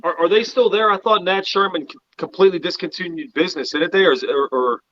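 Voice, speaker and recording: A man from the Pittsburgh area who is a podcast guest, talking in a relaxed, rambling way and dropping "man" often. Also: high voice, quick pace, muffled recording. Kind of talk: casual chat.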